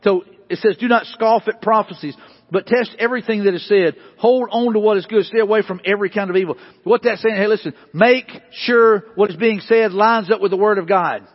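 Preaching at a fairly quick clip, this high, husky-voiced pastor drives home the same questions again and again, swelling to emphatic peaks. His sermon comes through a dull, lo-fi hall recording with a long church-sanctuary reverb.

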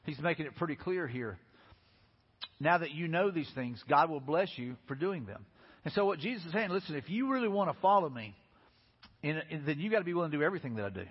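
Fast-talking pastor with a husky voice. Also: male voice, fairly high pitch, animated. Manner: casual, conversational preaching with lots of "hey, listen" and "you know". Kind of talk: sermon. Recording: long hall reverb, dull lo-fi sound.

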